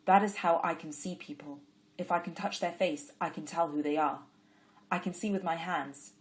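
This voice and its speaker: A woman's voice: fairly low pitch, normal speed, lightly acted. Adiver, a woman voicing a hopeful blind young man. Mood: earnest. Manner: earnest, eager questions. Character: blind young male Levite, hopeful and earnest.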